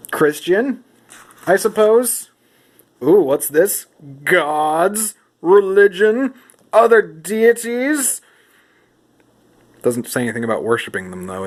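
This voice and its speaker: A man talks his way through rulebooks in a theatrical, mock-serious comedic monologue, in a voice of middling pitch. He keeps jumping higher in pitch when he plays at outrage. Now and then he turns to quiz a silent companion. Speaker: vlogger.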